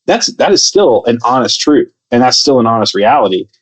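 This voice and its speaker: A man co-hosting a podcast in casual chat, measured and reflective, giving advice. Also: medium pitch. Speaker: podcast co-host.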